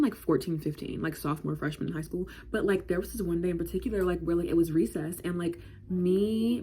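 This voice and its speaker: Woman in her 20s, casual storytime, slangy filler-heavy chatter, mellow husky low voice.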